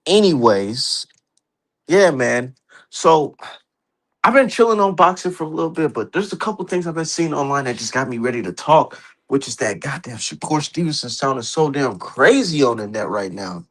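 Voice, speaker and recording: A man's voice: mid-range voice, expressive, normal speed, fairly bright tone. A man hosting a casual boxing livestream, talking loosely and profanely and laughing at his own jokes. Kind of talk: casual live-stream commentary.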